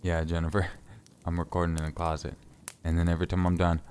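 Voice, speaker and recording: A man's voice: deep voice, completely flat delivery, fast talker, a little mellow, a little hiss or hum. A man chatting casually on a live stream from a home closet, laid-back and joking, swearing freely, a little stuffy from sinus trouble.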